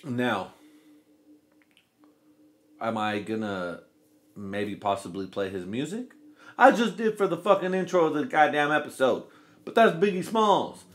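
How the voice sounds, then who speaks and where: A man's voice: medium pitch, animated, unhurried, long pauses, a bit bright. Profane rambling comedy podcast man. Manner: loose, profane, rambling, acts out quotes in silly voices. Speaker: podcast host.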